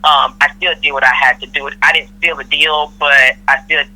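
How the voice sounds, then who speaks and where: A woman's voice: low voice, steady tone, moderate pace, bright, forceful tone, rough recording. A middle-aged woman from Florida telling a work story in casual chat, acting out the people she quotes. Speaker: podcast guest, mother of host.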